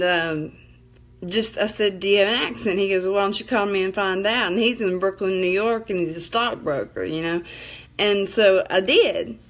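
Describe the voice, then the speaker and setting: A woman's voice: medium pitch, a bit bright. Chatty woman live-streaming. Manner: chatty, rambling, laughs often. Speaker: livestream host. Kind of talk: casual live chat and storytelling.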